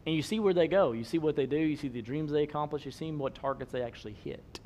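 A man, preaching a sermon, swinging between loud emphasis and soft low asides. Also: fast, slight background noise. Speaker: pastor.

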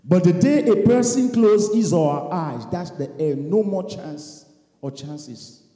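Impassioned male preacher, high voice, big swings from loud to quiet, long hall reverb. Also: lively intonation, measured pace. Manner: impassioned, swings from shouts to hushed tones, acts out prayers. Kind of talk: fiery sermon. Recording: echoey hall.

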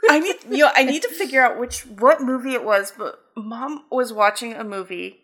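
A woman's voice: a little high, normal speed, fairly bright tone. A woman co-hosting a podcast, rambling through stories and thinking aloud in casual chat. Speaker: podcast co-host.

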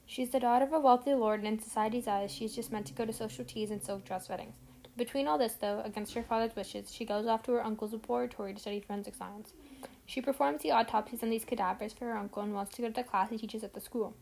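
A woman's voice: a little high, gravelly, a little mellow, slight background noise, poor audio. A teenage girl hosting a book review podcast, talking in a chatty, earnest way. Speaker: podcast host.

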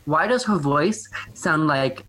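A young man co-hosting a podcast, chatting in an animated, sarcastic way and swearing freely. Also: a little high, slow, background noise. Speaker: podcast co-host. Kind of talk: casual gossip chat.

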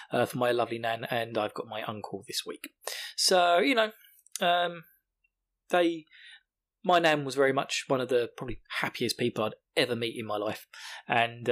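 Male podcast host, young adult, loose and profane, rambles off on tangents. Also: mid-range voice. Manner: rambling, swearing, laughing at his own jokes. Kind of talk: casual solo podcast chat.

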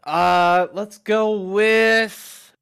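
A man's voice: high voice, fairly even intonation, extremely slow, vocal fry, a bit bright, clean tone. A man co-hosting a podcast in casual chat, laughing often and swearing playfully. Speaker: podcast co-host.

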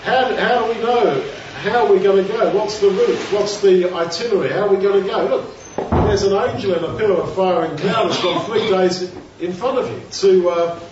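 His voice sits high and a little mellow as he preaches conversationally, throwing out rhetorical questions and performing quoted voices. A slight hiss or hum runs underneath, and the very echoey hall and far-off mic leave the sound dull.

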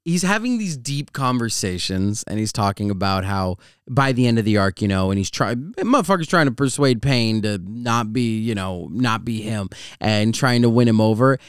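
A man's voice: on the low side, animated, moderate pace, clean tone, no room sound, clean studio sound. A man co-hosting a podcast in casual chat, laid-back and profane, often laughing as he talks. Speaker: podcast co-host.

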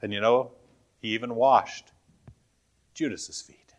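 A man's voice: medium pitch, steady tone, slow pace. A man preaching a sermon in a conversational way, often asking his listeners questions. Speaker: pastor.

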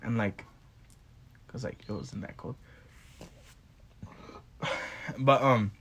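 A man's voice: lowish voice, slow pace, fairly bright tone, slight background noise. A young man rambling through a story in casual chat, giggling often.

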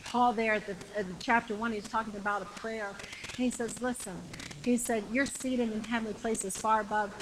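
A woman preaching a sermon with passion, repeating phrases and shouting the climactic lines. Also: on the high side, fairly even intonation, moderate pace, background noise.

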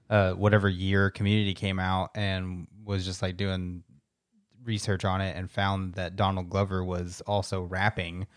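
A man co-hosting a podcast, chatting casually in a rambling way full of fillers. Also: low-pitched. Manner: rambling, filler-heavy, restarts often. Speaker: podcast co-host. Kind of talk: casual chat.

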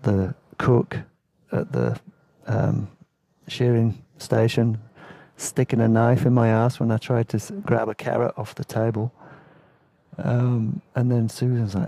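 A man's voice: medium pitch, fairly even intonation, unhurried, gravelly, warm tone, no echo. A man telling rambling travel stories in a laid-back, casual way, laughing now and then. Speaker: podcast host and storyteller. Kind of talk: casual spoken travel memoir.

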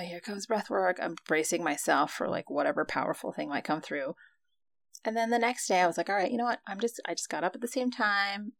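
A woman casually telling a personal story about breathwork, reflective and animated, acting out her own past reactions with frequent fillers. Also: on the low side, gravelly, no room sound.

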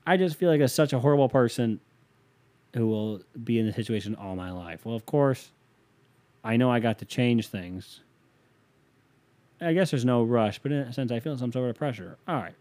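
A young man in his twenties chats casually on his podcast, reading out a listener's letter and reacting to it. His voice sits at a middling pitch, and he drifts into profane, joking asides as he gives advice. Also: moderate pace, long pauses, warm tone. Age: 20s. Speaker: podcast host.

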